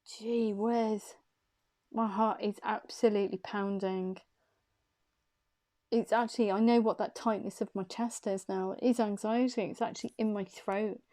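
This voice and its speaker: A woman's voice: medium pitch, steady tone, a little slow, warm tone. Breathless woman giving a tarot reading. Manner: hesitant, repeating questions to her cards. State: short of breath. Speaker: tarot reader.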